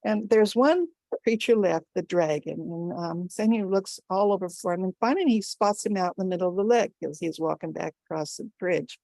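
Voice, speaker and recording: An older woman telling a folktale at a storytelling event, with an animated, expressive delivery. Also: fairly low pitch, normal speed, gravelly, dry recording.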